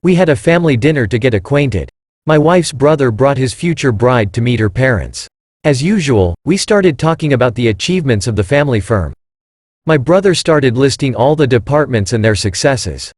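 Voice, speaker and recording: A man narrating a scripted first-person story in an even, unhurried reading manner. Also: medium pitch, no echo, studio quality.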